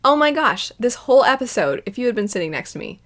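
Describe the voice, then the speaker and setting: A young woman with a bright, clear voice talks casually as an anime reaction host. Her delivery is animated, and she breaks into loud, exasperated outbursts as she reacts. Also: fairly high pitch, fast. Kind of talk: casual spoken commentary.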